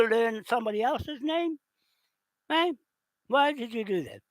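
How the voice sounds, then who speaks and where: A man in an unscripted rant, heated and accusatory, swearing and often shouting. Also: very high voice, expressive, unhurried, dry recording. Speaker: video host.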